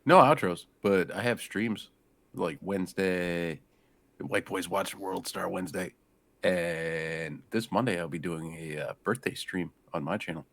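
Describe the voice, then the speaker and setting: A low-voiced man chatting on a live podcast stream. He jokes freely and sniffles between remarks. The sound is dry and close. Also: unhurried, a bit bright, no room sound. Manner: joking, laughing, coughing and sniffling. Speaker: podcast co-host. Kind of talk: casual chat.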